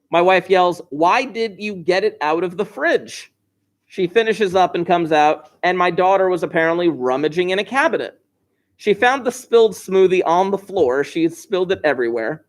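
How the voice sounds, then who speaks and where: A man teaching an algebra class over a livestream from his classroom desk, joking and teasing his students and chuckling often. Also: sits high. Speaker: high school algebra teacher.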